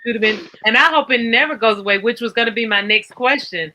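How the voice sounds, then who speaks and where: A woman's voice: on the high side, quick pace, pushed and bright, a little hiss or hum, rough recording. A woman hosting a casual chat, asking her guests questions. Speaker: host.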